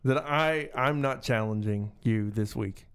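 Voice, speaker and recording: A man's voice: medium pitch, measured pace, fairly bright tone, clean tone. A man co-hosting a casual podcast, dry and sarcastic, grudgingly giving way to a rival. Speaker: podcast co-host. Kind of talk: casual chat.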